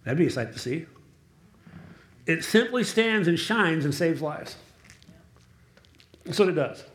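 A man's voice: a little high, lively intonation, unhurried, fairly bright tone, reverberant. A male pastor preaching a sermon in a church, telling stories in a conversational way and asking the congregation for amens. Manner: conversational storytelling, asks the room for amens. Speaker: pastor and chaplain.

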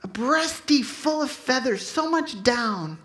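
A woman in her fifties giving a sermon with personal testimony to a room of listeners, emotional and loudly acting out her own prayers. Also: on the high side, expressive, slow, reverberant. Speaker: speaker at a Christian gathering.

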